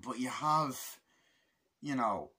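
A young man giving a casual film review, excitable and full of swearing as he retells scenes. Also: medium pitch, slow, slightly rough. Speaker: movie reviewer.

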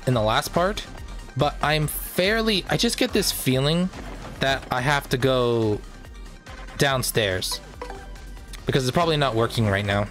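A man's voice: mid-range voice, normal speed, faint music behind. Male let's-play host, casual and joking, mid-range voice. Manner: joking, excitable, self-correcting. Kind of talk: casual gameplay commentary.

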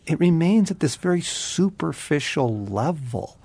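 A man's voice: on the high side, very animated, unhurried, darkish tone, breathy edge, no echo. A man co-hosting a Christian talk show, speaking earnestly and reflectively and addressing the listeners as friends. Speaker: co-host.

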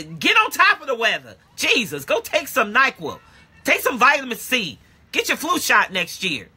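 Husky, lively woman preaching emphatically. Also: fairly high pitch, moderate pace. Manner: emphatic preaching with repeated exclamations; blunt and colloquial, speaks directly to listeners. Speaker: pastor and prophetic teacher. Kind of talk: live-streamed sermon.

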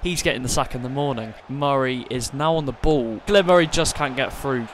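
A man giving sweary, excitable commentary over a football video game, breaking into shouts when he is excited. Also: medium pitch, moderate pace, slight background noise. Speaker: gaming YouTuber.

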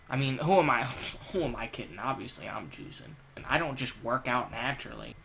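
A young man who hosts a gaming channel riffs crudely over his gameplay, swinging from low mutters to sudden loud shouts. His commentary is jokey, profane and full of laughter, delivered animated and fairly quick with vocal fry.

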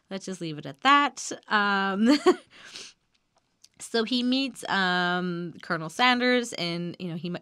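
Woman, lowish voice, casual chatty commentary, giggly, lots of ums, dry close sound. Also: sharp tone, no echo. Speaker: host breaking down song lyrics.

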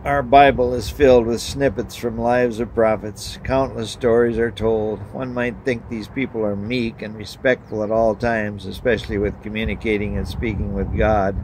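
A man's voice: lowish voice, steady tone, moderate pace, few pauses, darkish tone, a little hiss or hum. A male pastor giving a sermon and reading a story, earnest and emphatic.

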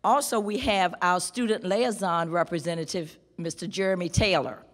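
A woman from a school board giving a measured, emphatic formal speech at a ceremony. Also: fairly low pitch, slight background noise. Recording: reverberant hall.

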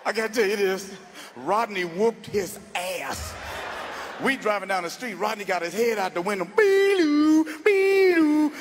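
High-voiced animated stand-up comedian man. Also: normal speed, faint music behind. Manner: loud, animated, laughs at his own jokes.

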